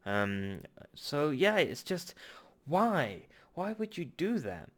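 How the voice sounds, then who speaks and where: A man's voice: on the high side, slow pace. A man hosting a reaction video, ranting heatedly with a lot of repetition. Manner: heated, repetitive ranting, then apologetic and calm. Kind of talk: casual reaction rant.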